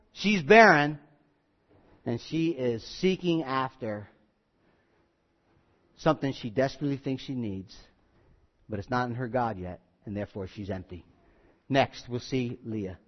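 A male pastor preaching a sermon in a folksy, joking way that turns earnest and emphatic. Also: medium pitch. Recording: slightly muffled recording.

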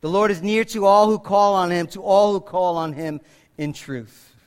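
Male pastor, high voice, preaching, repeats and restarts phrases, raises voice for scripture. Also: moderate pace, clear, resonant tone. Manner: preaching with repetitions and restarts, rising for scripture quotes. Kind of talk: sermon.

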